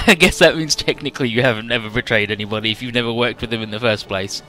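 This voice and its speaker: Man, casual chat, animated storyteller, swears, bright voice. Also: mid-range voice, quick pace, faint music behind.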